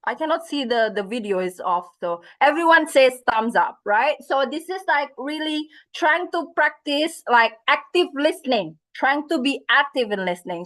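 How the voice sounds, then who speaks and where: A woman's voice: high voice, fairly bright tone. A woman lecturing an online class, asking students questions and mixing in phrases. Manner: interactive, asks questions, switches into Indonesian phrases. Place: video call.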